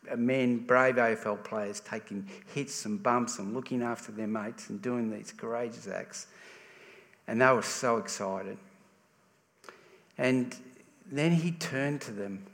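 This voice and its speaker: A man's voice: mid-range voice, moderate pace, a bit bright. An Australian man giving a sermon in a conversational way, often restarting his sentences. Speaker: preacher. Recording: reverberant church hall.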